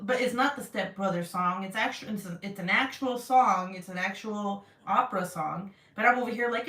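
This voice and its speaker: A young woman livestreams a story from home in loose, casual talk. She is animated, laughs a lot and swears freely, and her voice sits at an ordinary middle pitch. The mic is set back, so her voice sounds distant with a roomy echo. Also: a little fast. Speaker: vlogger reading live chat.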